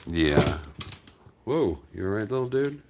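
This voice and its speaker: A man's voice: on the low side, big pitch swings, a little slow, noisy background. A man hosting a casual live stream from his farm, talking tenderly to his old dogs and reading viewer comments aloud. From United States. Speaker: farm hospice channel host.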